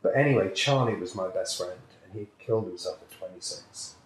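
A fairly low-voiced British man recounts a personal story in an earnest, emotional, reflective way. His voice bounces around a very echoey room, with a faint ambient hum underneath. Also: a little fast. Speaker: psychic healer, guest.

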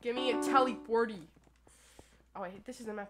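A young woman giving gameplay commentary at her computer, full of crude, profane, playful trash talk and quick rants. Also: on the high side. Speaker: gaming YouTuber. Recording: noisy recording with keyboard clicks.

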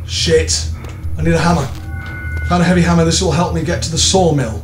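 A man's voice: on the high side, a little fast, reverberant, slight background noise. A British man commentating a horror game, nervous and jokey, swearing a lot and screaming in fright. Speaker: gaming YouTuber.

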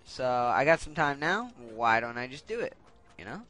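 A man's voice: medium pitch, very animated, normal speed, bright, forceful tone, faint music behind. A young man commenting on his gameplay in a casual, irritated way, swearing and rambling. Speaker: let's play gamer.

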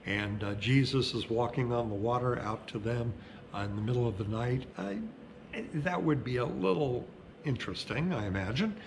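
Man, middle-aged, pastor, mid-pitched voice, conversational sermon, slows for emphasis. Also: noisy background. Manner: conversational storytelling, slowing for emphasis.

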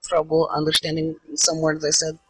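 A man's voice: on the high side, monotone, normal speed, low-quality recording. A young man chatting casually while playing a video game, teasing his friend and rambling through his own corrections. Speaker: gaming YouTuber. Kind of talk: casual gaming chat.

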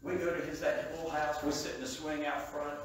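An older man with a drawl preaches to a congregation, his tone slightly raised above the usual male range. He tells homely stories, dropping to quiet asides and then climbing to loud, emphatic peaks. The mic sits some way off in a very echoey church room, with a faint hum of ambience behind him. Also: on the high side, little pitch movement, brisk, far from the mic. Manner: storytelling with swings between soft asides and loud emphatic peaks. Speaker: evangelist preacher. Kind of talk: sermon. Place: church sanctuary.

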